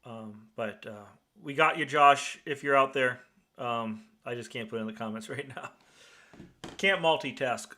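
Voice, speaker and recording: A man's voice: mid-range voice, unhurried, sharp tone. A man with an upstate New York accent hosting a radio net as net control, chatty and rambling with lots of fillers.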